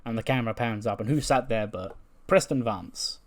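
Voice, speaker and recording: A man's voice: fairly low pitch, moderate pace. A man casually narrating and commenting on a game, rambling and correcting himself as he goes. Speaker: gaming channel host.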